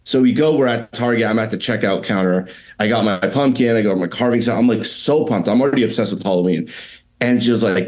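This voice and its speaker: A man's voice: mid-range voice, fairly quick, darkish tone. A young man, a podcast guest, telling childhood stories in casual chat, full of "like" and restarts. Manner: rambling storyteller, lots of "like". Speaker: podcast guest, company founder.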